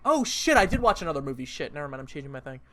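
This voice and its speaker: A young man co-hosting a podcast, excitable and laughing often, talking in a casual, slangy way. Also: a little high, rapid-fire. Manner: excitable, laughing, lots of "dude" and "like". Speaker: podcast co-host. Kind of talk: casual chat.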